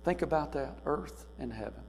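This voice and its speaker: A man preaching a sermon, moving between quiet, musing passages and loud, emphatic cries. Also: a little high, normal speed. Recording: reverberant hall with faint mains hum.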